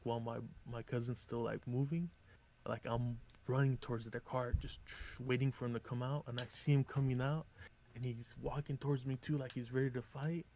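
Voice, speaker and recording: A man's voice: mid-range voice, dark tone, a little hiss or hum. Profane man telling a street-fight story. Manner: profane, rambling, acts out quotes. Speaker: streamer. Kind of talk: casual storytelling on a live stream.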